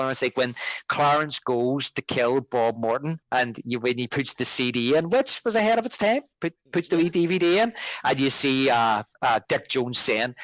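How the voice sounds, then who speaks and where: A man's voice: mid-range voice, a bit bright, no room sound, poor audio. A man co-hosting a podcast, casually and animatedly retelling film scenes. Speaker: podcast co-host.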